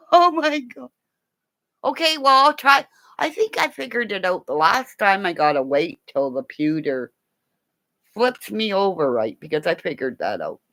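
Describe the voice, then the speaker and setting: Lying in bed at home with her dog, a livestream host rambles casually with her viewers, giggling constantly and swearing freely. Her bright, medium-pitched voice carries a teasing, affectionate tone.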